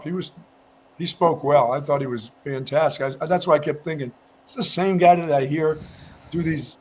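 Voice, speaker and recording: A man co-hosting a morning sports radio show, telling stories in a relaxed, casual way with frequent restarts. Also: a little high. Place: radio studio.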